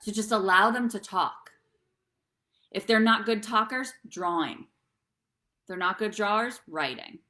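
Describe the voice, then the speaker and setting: A woman's voice: mid-range voice, unhurried, pauses often, sharp tone. A woman hosting a live online talk show, giving earnest, encouraging advice and speaking straight to her viewers. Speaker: host and therapist.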